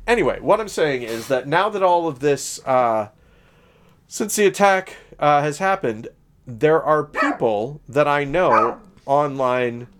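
A man's voice: a little high, expressive, a little slow, a bit bright, a little hiss or hum. A man from Southern Illinois co-hosting a podcast in casual chat, rambling with lots of fillers and restarts. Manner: rambling, many fillers and self-corrections. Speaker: podcast co-host.

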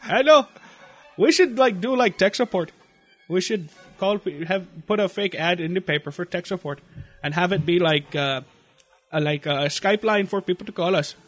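A man's voice: sits high, moderate pace, faint music behind. A man co-hosting a podcast, swearing and mocking in loose, joking banter. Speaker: podcast co-host. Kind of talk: crude comedic podcast banter.

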